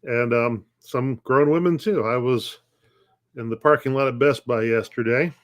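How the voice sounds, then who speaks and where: A man's voice: mid-range voice, normal speed. A middle-aged man pastor teaching a conversational Bible lesson, posing questions and answering them, often restarting phrases. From United States.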